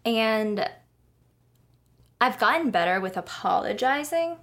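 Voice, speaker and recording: Twenties gal cohosting a pod, rambly, lots of likes, swears a bit, just chatting. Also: female voice, a little high, animated, takes it slowly, a bit bright. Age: 20s. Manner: rambling, many fillers, candid and swears casually. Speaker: podcast co-host. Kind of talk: casual chat.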